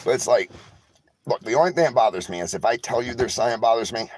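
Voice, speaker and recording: A man's voice: mid-range voice, fast, darkish tone, slightly rough. A tired, emotional man talks to his viewers in a candid, rambling way, sarcastic and swearing freely, from inside a vehicle. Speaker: vlogger. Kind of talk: casual talk to viewers, reading live chat.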